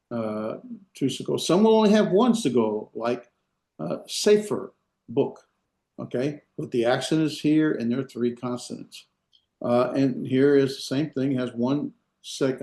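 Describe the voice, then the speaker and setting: A man's voice: medium pitch, a little mellow. A man teaching a language class, explaining step by step with many fillers and checking whether his students follow. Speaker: Hebrew instructor. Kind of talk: classroom lecture. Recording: echoey room.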